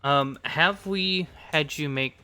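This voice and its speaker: A man acting as game master, patiently walking a player through the game software step by step. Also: on the high side, slow, clear, resonant tone, soft background music. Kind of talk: running a tabletop game over voice chat.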